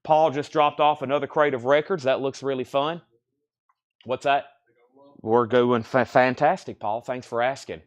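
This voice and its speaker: A man hosting a live vinyl record sale, rattling off titles, prices and bids in quick auction patter, a little out of breath. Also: mid-range voice, steady tone. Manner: rapid-fire listing of prices and bids.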